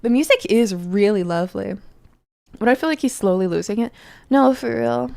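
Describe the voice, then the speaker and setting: A woman's voice: on the high side, normal speed, gravelly, a little mellow, clear, resonant tone. A woman streamer giving casual, chatty gameplay commentary, laughing often.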